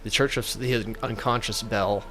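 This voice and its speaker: A man's voice: lowish voice, fairly even intonation, normal speed, fairly bright tone, a little hiss or hum. A man giving comedic gameplay commentary as a gaming YouTuber, joking in a playful, mock-reverent way.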